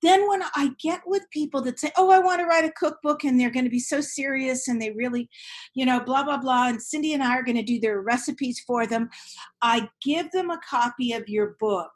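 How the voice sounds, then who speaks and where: A middle-aged woman hosts a podcast in relaxed, animated conversation. Her voice sits high, and she laughs easily as she talks. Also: normal speed, rough recording. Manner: chatty, animated, laughs often. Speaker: podcast host. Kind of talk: casual chat.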